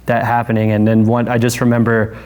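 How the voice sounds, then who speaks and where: Male interview guest, a barber, mid-range voice, relaxed and profane, laughs while recounting the story. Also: mid-range voice, fairly quick. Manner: laid-back, laughing, swears often, frequent fillers. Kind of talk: casual conversation.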